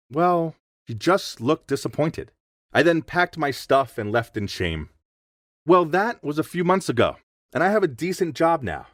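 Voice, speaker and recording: A young man narrating a first-person story in a reflective, expressive way. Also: fairly high pitch, dry recording, clean studio sound.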